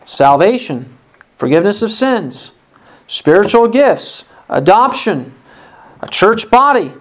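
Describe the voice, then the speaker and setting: An earnest preacher delivers a sermon, pressing the listeners with one rhetorical question after another. The voice sits at a middle pitch and keeps a steady, urging tone. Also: takes it slowly. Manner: acts out complaining voices in quotes.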